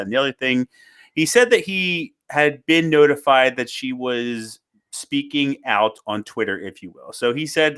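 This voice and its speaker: A man's voice: medium pitch, a bit bright. A man co-hosting a casual podcast, talking animatedly and reading articles and tweets aloud. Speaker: podcast co-host.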